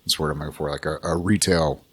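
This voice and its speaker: A man's voice: extremely low pitch, steady tone, fast, husky. A man co-hosting a podcast, adding dry remarks to a casual chat. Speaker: podcast co-host.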